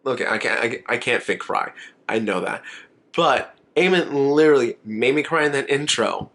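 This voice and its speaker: A man's voice: mid-range voice, lively intonation, normal speed, gravelly, fairly bright tone. A young man talks straight to his camera in a casual makeup vlog. He rambles freely, gets emotional and laughs often, in an ordinary mid-range voice. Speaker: makeup vlogger.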